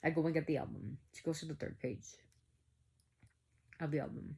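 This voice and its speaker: A woman vlogger casually telling a personal story to her viewers, animated and full of "like" fillers. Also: low voice, normal speed, creaky, a little hiss or hum. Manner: animated, acts out quoted dialogue, many "like" fillers.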